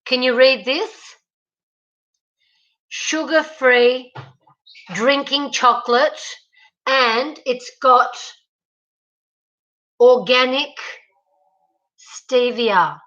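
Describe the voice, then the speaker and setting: A woman's voice: sits high, very slow, pauses often, bright, forceful tone, muffled recording. A woman with an Australian accent hosting a casual livestream from her kitchen, chatting with viewers and greeting them by name. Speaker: livestream host. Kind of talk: casual live chat reading viewer comments. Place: home kitchen.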